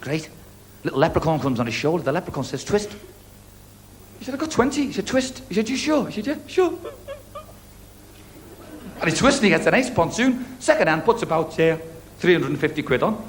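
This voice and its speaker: Liverpudlian male stand-up comic, high and chirpy, quick-fire gags on a live TV talent stage. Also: lively intonation, a little hiss or hum. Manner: quick-fire one-liners, chirpy asides to the audience. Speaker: stand-up comedian on a talent show. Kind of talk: stand-up comedy routine. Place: TV studio stage before a live audience. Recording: echoey 1980s TV studio, loud audience.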